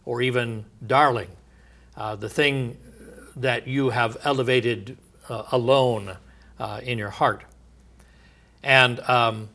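Guy preaching slow, bright tense voice, reads bible verses with punch. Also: mid-range voice. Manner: slow, reads scripture aloud with emphasis, many fillers. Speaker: Bible teacher. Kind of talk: sermon.

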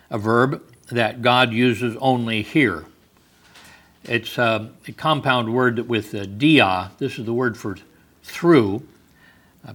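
A male Bible teacher giving a sermon-style lesson at an unhurried pace. His voice is bright and forward. He explains thoughtfully, with wry asides and soft chuckles. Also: medium pitch.

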